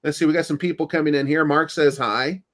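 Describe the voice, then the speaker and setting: A man's voice: a little high, fairly even intonation, fast, fairly bright tone. A man from the United States hosting a casual livestream, joking and reading viewer comments aloud. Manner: playful, joking, reads chat comments aloud. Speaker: livestream host.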